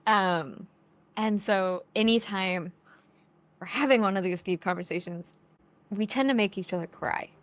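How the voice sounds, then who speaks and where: A woman's voice: medium pitch, unhurried. A young woman co-hosting a podcast, chatting casually and acting out family quotes as she tells stories. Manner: lively storyteller, acts out quotes. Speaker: podcast co-host. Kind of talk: casual chat.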